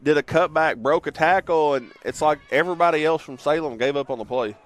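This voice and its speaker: A man doing color commentary for a high school football game, plain-spoken and analytical, leaning on "you know". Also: brisk.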